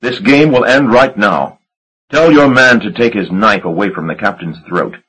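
A man's voice: on the low side, normal speed, fairly bright tone, husky, rough recording. A man doing a cold, commanding vampire leader. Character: stern, proud male vampire leader.

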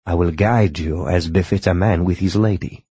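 A man's voice: low-pitched, normal speed, dark tone, slightly rough, dry recording. A man voicing a courtly, flirtatious alien man in an audiobook, suave and gallant.

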